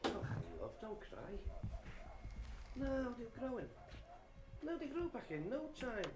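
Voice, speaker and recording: An actor playing a grumbling dad who rants indignantly and talks on the phone. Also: male voice, very high voice, big pitch swings, normal speed, very noisy. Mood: glum.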